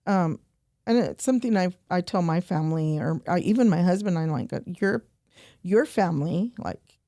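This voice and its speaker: A woman guest on a podcast interview, telling animated stories and repeating points for emphasis. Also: fairly low pitch, brisk, dry recording, studio quality. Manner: animated storytelling, quoting herself and others. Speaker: guest, nonprofit program director.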